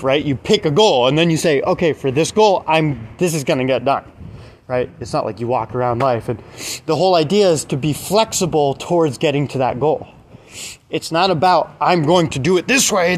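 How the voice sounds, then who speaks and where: A man's voice: a little high, a little mellow, slight background noise, poor audio. A man giving a casual motivational talk, rambling with many fillers and asking "right?" again and again. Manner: rambling, filler-heavy, keeps checking with "right?". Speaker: self-help speaker.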